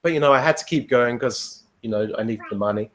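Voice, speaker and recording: A man's voice: mid-range voice, fast, a bit bright. A man in casual podcast chat, telling a long rambling story, swearing freely and laughing often. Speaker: podcast guest.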